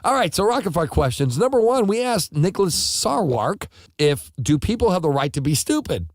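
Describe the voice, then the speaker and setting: Male radio host, Pacific Northwest American accent, wildly animated pitch, dry close mic; rowdy banter. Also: normal speed, dry recording. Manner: excitable, shouty cheering, loose and joking.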